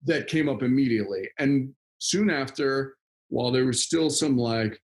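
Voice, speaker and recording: Rambling young man, easy mid-pitch voice. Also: moderate pace. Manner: rambling, filler-heavy, laughs often. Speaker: podcast guest. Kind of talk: casual conversation.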